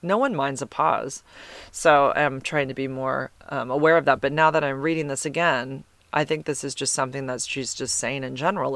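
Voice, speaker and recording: A woman's voice: a bass voice, steady tone, measured pace, no echo. A woman hosting a podcast, reading listener comments in a rambling, chatty way and correcting herself as she goes. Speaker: podcast host.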